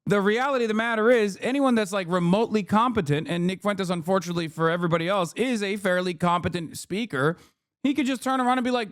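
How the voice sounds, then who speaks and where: Male streamer, 30s, fairly high voice, punchy argumentative commentary, casual swearing. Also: quick pace, clear, resonant tone, no echo, clean studio sound. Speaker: streamer reacting to a debate clip.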